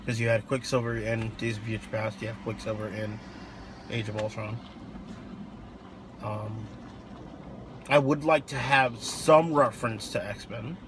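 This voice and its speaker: A man casually chatting about film casting and ratings with a friend, his voice rising and dropping in loudness as he talks. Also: fairly low pitch, steady tone, unhurried, long pauses. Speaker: co-host reviewing films. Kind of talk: casual chat. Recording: faint background noise.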